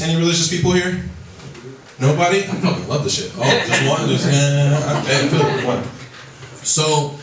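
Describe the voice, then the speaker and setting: A man's voice: a little high, slight background noise. A man doing a stand-up comedy set, telling stories loosely and profanely and working the crowd. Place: comedy club stage. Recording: echoey club recording from a distance.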